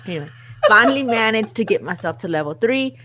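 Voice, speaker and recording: A woman co-hosting a casual chat show, telling a story in an animated, self-mocking way and laughing often. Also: mid-range voice, fast, noisy background. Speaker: co-host.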